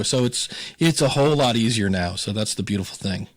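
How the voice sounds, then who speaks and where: Animated storytelling man from Ohio. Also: fairly low pitch, a little fast. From Ohio, USA. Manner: animated storyteller, acts out quoted voices. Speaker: podcast consultant, guest. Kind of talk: casual interview talk.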